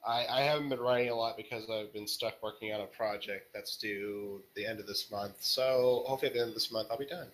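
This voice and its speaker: A man's voice: lowish voice, steady tone, fast talker, hardly any pauses, fairly bright tone, poor audio. A man as a podcast guest, answering questions in a laid-back way with dry jokes. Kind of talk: casual podcast interview.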